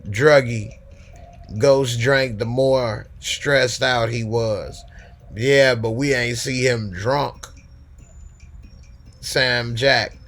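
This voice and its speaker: A man hosting a live call-in stream in a relaxed, slangy way, reading out and answering viewer comments. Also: mid-range voice. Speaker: host of a live call-in show. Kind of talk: casual live-stream chat.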